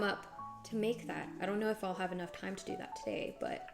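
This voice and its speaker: Casual woman streamer, chatty cooking talk, sudden bright exclamations, music bed under her. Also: fast, gravelly. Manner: chatty, thinks aloud, reads chat and answers it; bursts into high excited exclamations. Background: background music.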